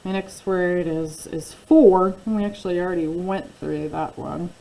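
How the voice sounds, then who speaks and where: A woman teaching a phonics spelling lesson, speaking slowly and patiently, repeating each word and asking the listener questions. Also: lowish voice, fairly even intonation, vocal fry, warm tone, low-quality recording.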